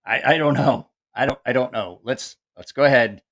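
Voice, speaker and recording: A man's voice: mid-range voice, moderate pace, vocal fry, fairly bright tone. A man hosting a live stream, reacting in incredulous, mocking, profanity-laced rants and laughing at what he sees. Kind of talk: casual live-stream commentary.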